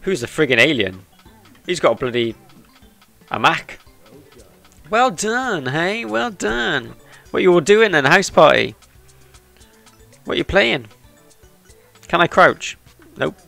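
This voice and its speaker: A man's voice: fairly high pitch, sing-song, slow, creaky, pauses often, sharp tone, soft background music. A man giving chatty, jokey let's-play commentary and talking to the characters on screen. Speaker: gaming YouTuber.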